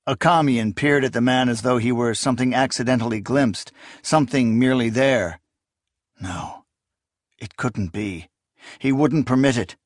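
A man narrating a dark fantasy audiobook with steady, dramatic pacing at a middling pitch. The recording is dry and close, with no room sound. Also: normal speed, dry recording. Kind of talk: scripted narration.

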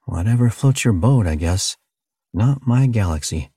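A man's voice: on the low side, animated, a little slow, dark tone, breathy edge, no echo, clean studio sound, full character voice. A man reading an audiobook, voicing a sarcastic stranded human captive with wry asides.

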